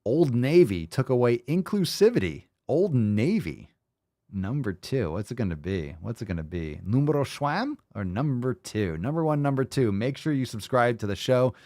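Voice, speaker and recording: A man's voice: medium pitch, very animated, normal speed, mellow, dry recording, clean studio sound. A man hosting a podcast who reacts to clips in a mocking, profane, sarcastic way. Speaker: podcast host. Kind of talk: casual podcast reaction commentary.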